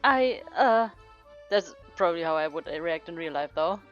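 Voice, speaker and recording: A woman's voice: fairly low pitch, expressive, normal speed, highs cut off, faint music behind. A woman streaming a romance game, reading the story aloud and chatting casually with frequent giggles and self-interruptions. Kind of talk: casual let's-play commentary and read-aloud.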